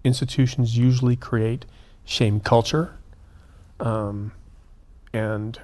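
A man, a prison minister and guest, telling a story in an earnest, animated way and acting out the dialogue. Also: medium pitch, slow pace. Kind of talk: conversational storytelling.

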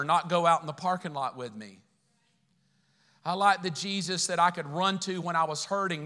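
A man preaching a sermon as pastor, animated, swinging between loud appeals and quiet asides. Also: high voice, long reverb tail.

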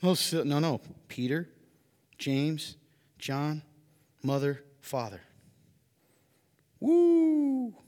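A male pastor preaching a sermon, moving between hushed storytelling and loud, emphatic appeals to the congregation. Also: fairly high pitch, slow pace, pauses often, big-room sound. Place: church hall.

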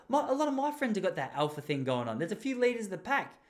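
A man's voice: sits high, fast. A young Australian man hosting a podcast, telling rambling, jokey stories in casual chat. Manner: rambling, jokey, animated storytelling with laughs. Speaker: podcast host.

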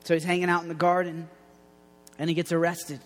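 A man preaching a casual sermon in a loose, slangy way, going soft and low on quoted lines. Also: little pitch movement, brisk, long reverb tail. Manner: conversational, slangy, drops quiet for quoted lines.

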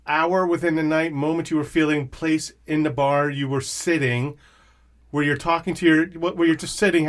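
A podcast host with a fairly high-pitched voice tells a story about an old friend in animated, casual chat, swearing and restarting often.

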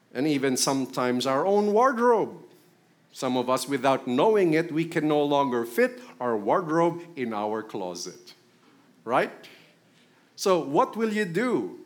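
Lively Filipino pastor preaching a sermon. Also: male voice, mid-range voice. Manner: conversational, asks the congregation questions.

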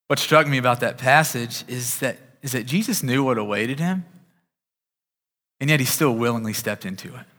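A male pastor delivers a sermon at normal speed in a mid-range, fairly bright voice, keeping things conversational while often restarting sentences. The setting is a church sanctuary, recorded with long large-hall reverb.

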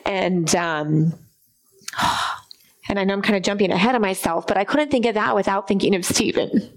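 A woman in a faith-sharing discussion, speaking earnestly and reflectively, often pausing to find her words. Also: mid-range voice, low-quality recording. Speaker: Bible study participant.

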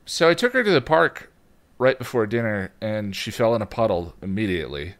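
A young man co-hosting a podcast, rambling through anecdotes in casual chat and sometimes jumping into a squeaky voice to play a toddler. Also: very animated, brisk. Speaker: podcast co-host.

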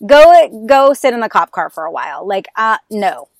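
A woman's voice: mid-range voice, moderate pace, a crowd in the background. A woman guesting on a podcast, chatting casually and acting out drama scenes with sassy, emphatic storytelling. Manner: animated storyteller who acts out scenes. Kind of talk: casual chat about TV dramas.

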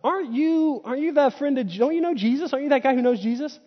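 A man's voice: very high voice, fast, voice pushed up. A man voicing a hesitant, questioning little girl of about eight in a retold story. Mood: curious. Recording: dull sound with long hall reverb.

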